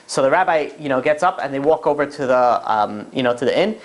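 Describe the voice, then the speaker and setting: A rabbi telling stories to a class in a casual, rambling way, full of fillers and restarts. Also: male voice, medium pitch, expressive, brisk. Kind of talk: casual storytelling lecture.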